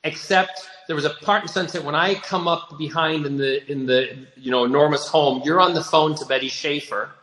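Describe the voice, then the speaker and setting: A man's voice: a little high, steady tone, normal speed, hardly any pauses, a bit bright, roomy sound, low-quality recording. A man recalling a backstage mishap in casual chat, rambling a little as he remembers. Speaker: guest performer. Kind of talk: anecdotal chat over video call.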